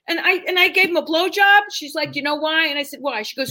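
A woman's voice: sits high, fast, rough recording. A middle-aged woman, a stand-up comedian, telling a story casually and acting out the people in it. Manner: animated, acts out quotes in the story.

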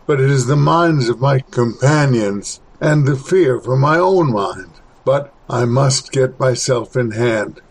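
Male horror storyteller, mid-pitched voice, measured, dramatic reading. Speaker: podcast host and reader. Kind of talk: scripted horror story narration.

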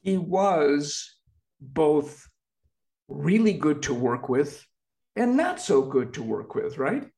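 A man's voice: on the high side, sing-song, takes it slowly, gravelly, dark tone. A man hosting a casual sports chat. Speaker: host.

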